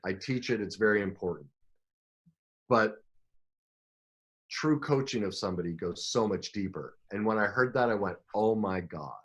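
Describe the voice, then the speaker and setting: Man telling his story, emotional and animated. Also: lowish voice, normal speed, long pauses, dull audio. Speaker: podcast guest, coach. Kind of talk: storytelling interview talk.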